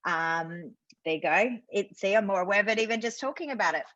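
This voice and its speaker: A British woman speaks as a sales coach in a webinar. Her audio is dry and a little muffled. She explains with enthusiasm and quick asides. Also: medium pitch, fairly bright tone, no room sound. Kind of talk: webinar conversation. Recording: dull lo-fi video call audio.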